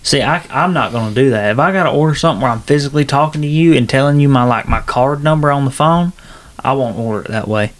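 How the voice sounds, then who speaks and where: A man's voice: medium pitch, quick pace. A young man, rambling and laughing through casual podcast talk. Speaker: podcast co-host, son. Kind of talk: casual chat.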